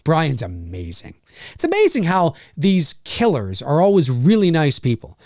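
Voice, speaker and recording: A man hosting a live question-and-answer stream as a voice actor, talking in a rambling, animated way and swearing freely. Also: on the high side, moderate pace, no echo, studio quality. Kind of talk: casual live-stream chat.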